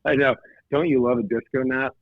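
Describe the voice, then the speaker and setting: A man's voice: mid-range voice, steady tone, fairly quick, dry recording, narrow, tinny audio. A middle-aged male actor, a guest on a casual call, telling funny stories with plenty of laughter. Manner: laughing, storytelling. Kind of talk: casual phone chat.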